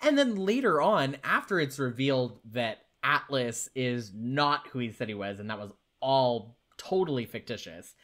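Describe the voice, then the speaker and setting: A man co-hosting a casual podcast, a lively storyteller who laughs as he recaps scenes. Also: mid-range voice, normal speed, hardly any pauses. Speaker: podcast co-host.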